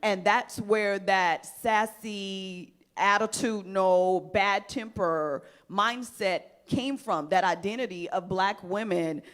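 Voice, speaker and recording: A woman's voice: medium pitch, takes it slowly, hardly any pauses. A woman hosting a panel talk show, speaking emphatically and addressing the panel directly.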